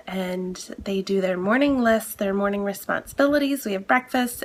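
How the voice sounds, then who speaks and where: A woman's voice: medium pitch, fairly bright tone. Nasal-voiced woman with a cold. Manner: chatty, with frequent ums and uhs. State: has a cold. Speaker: homeschooling mom vlogger. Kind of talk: casual vlog chat.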